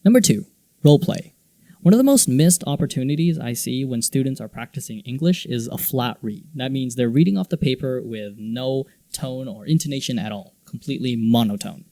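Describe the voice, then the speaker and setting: Guy giving tips to other english teachers, mellow voice, dead dry sound, earnest. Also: mid-range voice, animated, fairly quick, dry recording. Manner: earnest, explanatory, with mock-exaggerated example lines. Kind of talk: instructional video talk. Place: teaches in Japan.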